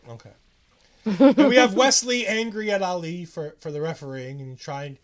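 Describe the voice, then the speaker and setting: A man's voice: high-pitched, normal speed. A man co-hosting a wrestling podcast, chatting casually and acting out quotes with lots of restarts. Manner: animated, acts out quotes, many restarts. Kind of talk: casual chat recapping a show.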